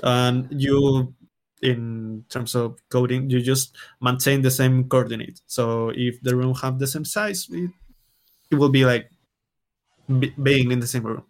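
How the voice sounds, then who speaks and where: A man, a game developer, explaining his coding work slowly and haltingly in a casual interview. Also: medium pitch, fairly even intonation.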